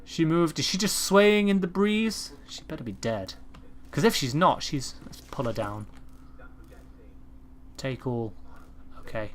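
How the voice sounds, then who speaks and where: Jokey, sweary gaming commentator. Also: male voice, mid-range voice, a little slow, pauses often, a little hiss or hum. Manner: jokey, sweary, animated reactions. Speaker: gaming YouTuber. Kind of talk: let's-play commentary.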